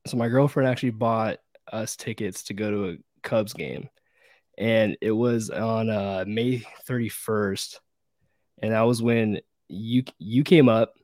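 A male host asking questions in a casual, excited way, cursing now and then. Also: lowish voice, a little slow, no room sound, studio quality. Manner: casual, excited, swears freely. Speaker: podcast host. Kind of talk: casual interview chat.

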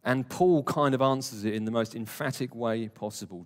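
A man delivers a sermon in a mid-pitched, conversational voice, earnest and direct, and often turns to question his listeners. His words carry a long reverb from the church hall around him. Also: fast talker, hardly any pauses. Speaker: preacher.

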